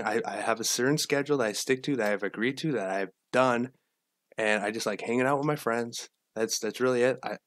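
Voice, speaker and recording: A man hosting a casual livestream, rambling with repeats and restarts and greeting viewers from the chat. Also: mid-range voice. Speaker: livestream host.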